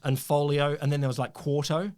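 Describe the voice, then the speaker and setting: A man's voice: on the high side, flat delivery, brisk, darkish tone. A middle-aged Australian man co-hosting a casual science podcast, telling a story in a rambling, self-correcting way.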